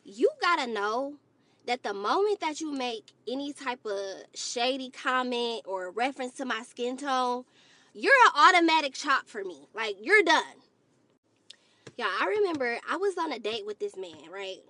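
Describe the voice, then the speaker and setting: A woman vlogger telling a story to her viewers in an animated, exasperated way. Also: high voice, a little slow, no echo. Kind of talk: storytime commentary to camera.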